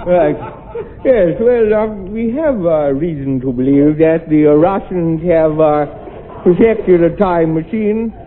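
A man's voice: on the high side, expressive, takes it slowly, in a large hall. An actor playing a hesitant male military colonel in a radio comedy who halts with many uhs, on a tinny old broadcast. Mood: explaining.

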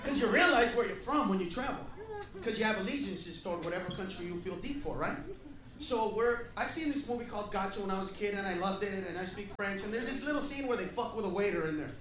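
An American man doing a stand-up comedy set, loud and profane, shouting through his characters' voices. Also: sits high, expressive, quick pace, echoey room, far from the mic, a crowd in the background, noisy background. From United States.

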